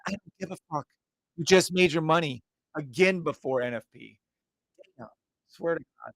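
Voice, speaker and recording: A brash, profane man calls out live trades in quick repeated bursts. His voice sits a little high for a man, and the sound is close and dry, with no room around it. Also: expressive, pushed and bright, dry recording, low-quality recording. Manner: mocks imagined viewers in a whiny voice. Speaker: live trading stream host. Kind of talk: live trading commentary.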